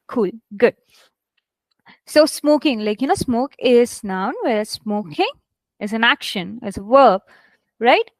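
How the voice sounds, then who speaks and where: Woman teacher online class, fairly high voice, no room sound, keeps coaxing the students. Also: no echo, low-quality recording. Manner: coaxing, reads sentences aloud slowly with stress. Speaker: English test instructor.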